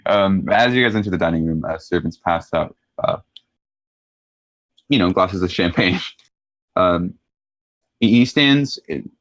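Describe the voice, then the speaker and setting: Slow, low-voiced man running a tabletop game. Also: fairly bright tone, dry recording, poor audio. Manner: halting, full of fillers and restarts, laughs often. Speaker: game master.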